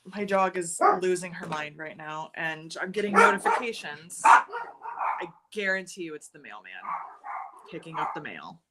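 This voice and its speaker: A woman co-hosting a casual live stream from her sewing room at home, chatty, laughing often and breaking into quick asides. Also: fairly low pitch, expressive, heavy background noise. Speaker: livestream co-host. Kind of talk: casual chat while sewing. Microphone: computer mic on a live stream.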